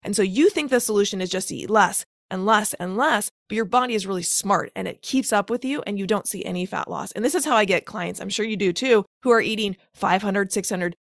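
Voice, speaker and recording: A woman in her thirties speaks with a slight fry in her voice, laying out ideas step by step like a coach. The sound is dry and close, with no room around it. She talks conversationally, leaning on everyday analogies. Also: medium pitch, brisk, hardly any pauses, dry recording. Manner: explanatory, uses step-by-step examples and analogies. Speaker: guest, macro-counting coach. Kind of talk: conversational podcast interview.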